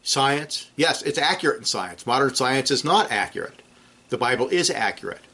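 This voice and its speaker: Male preacher, bright, tense tone, forceful sermon delivery with sharp swings in volume. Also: lively intonation, moderate pace. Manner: forceful preaching, swings between loud emphatic peaks and low drops; clears throat now and then.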